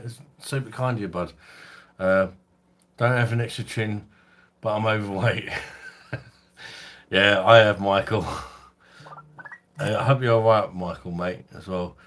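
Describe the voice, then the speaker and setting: A middle-aged man with a London accent softened by years in Kent, hosting a casual live stream and answering viewers by name with swearing and frequent laughs. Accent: London English, softened by years in Kent. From London, England. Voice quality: husky deep voice. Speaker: host of a beer review channel livestream.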